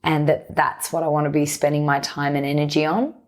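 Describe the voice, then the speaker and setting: A woman's voice: sits low, little pitch movement, a little fast. A woman, a podcast guest talking openly and reflectively in long, flowing runs. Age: 30s. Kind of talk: candid conversational interview.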